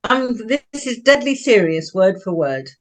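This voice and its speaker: A woman's voice: medium pitch, sing-song, unhurried. A woman of about seventy from Manchester, England, telling stories about her life as an interview guest in a chatty, rambling way, often breaking into laughter. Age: around 70. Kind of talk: personal storytelling.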